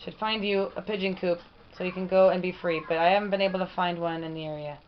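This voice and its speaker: A woman with a fairly low voice chats fondly to her pet pigeon in a home vlog. Her casual talk comes through a camera mic, with dull, lo-fi sound and clear hiss behind it. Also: fairly even intonation, fast talker. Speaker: pet owner vlogger. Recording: dull lo-fi camera audio with noise.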